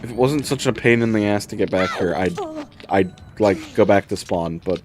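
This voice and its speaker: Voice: sits low, normal speed. A streamer giving casual running commentary on a game, talking to themself and swearing often as things go wrong. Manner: swears often, talks to self while playing.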